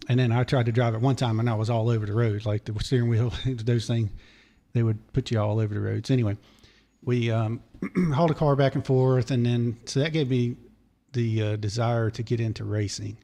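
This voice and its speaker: Hoarse man telling long stories. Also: medium pitch, fairly even intonation, brisk, dark tone. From Charlotte area, North Carolina. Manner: digressive, detail-heavy storyteller. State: hoarse, losing his voice. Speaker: podcast guest, former race mechanic. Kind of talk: long rambling story told in casual chat.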